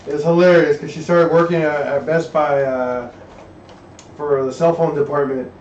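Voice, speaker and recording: Working on an engine in his home garage, a livestream host reads the chat out loud and rambles, restarting and letting thoughts trail off. He sounds a little high, steady, and slightly mellow at normal speed. Slight noise, garage echo, and distance from a dull mic color the recording.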